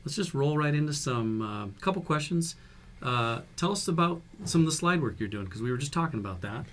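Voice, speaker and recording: A man's voice: fairly high pitch, animated, a little fast, fairly bright tone, slight background noise. A man hosting an interview in a music store studio, upbeat and enthusiastic, with lots of fillers. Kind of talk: casual interview chat.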